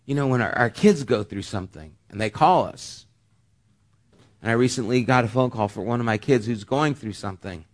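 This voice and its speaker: A man's voice: medium pitch, fairly quick. Earnest middle-aged male pastor preaching. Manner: earnest, swings from loud emphasis to hushed near-whispers. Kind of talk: sermon.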